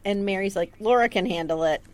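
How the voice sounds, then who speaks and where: A woman in her thirties co-hosting a casual chat, animated and sarcastic as she recounts scenes and acts out lines. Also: mid-range voice, fairly quick. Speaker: podcast co-host recapping a TV episode.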